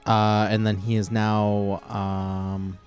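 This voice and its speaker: A man's voice: lowish voice, flat delivery, slow pace, a little mellow, clear, resonant tone, faint music behind. A man playing a tabletop game, methodically working through spell rules. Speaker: player.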